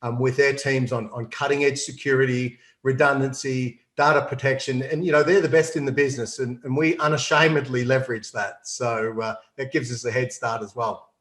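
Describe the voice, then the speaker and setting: A man's voice: medium pitch, steady tone, fairly quick, few pauses, a bit bright, echoey room. A man from Australia, a company CEO answering interview questions in a confident, explanatory way and laughing often. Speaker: CEO guest. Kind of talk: business interview.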